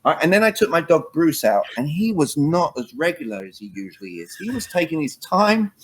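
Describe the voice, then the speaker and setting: Brief: man, husky voice, lively coach acting out examples over a video call. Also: fairly high pitch, brisk, low-quality recording. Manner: lively, acts out phone calls, emphatic. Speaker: communication coach, guest. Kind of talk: animated interview talk with acted examples.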